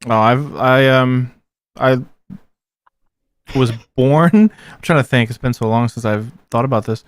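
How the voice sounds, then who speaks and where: A man's voice: mid-range voice, measured pace, dry recording. A man in his thirties who grew up near New Orleans, a band member guest chatting casually and swearing freely. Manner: laid-back, swears freely. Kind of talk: casual interview chat.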